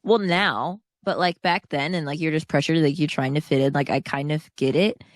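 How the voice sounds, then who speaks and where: A woman's voice: low-pitched, fairly even intonation, moderate pace, no room sound. A woman co-hosting a podcast in casual chat, rambling and hedging with many fillers. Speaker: podcast co-host.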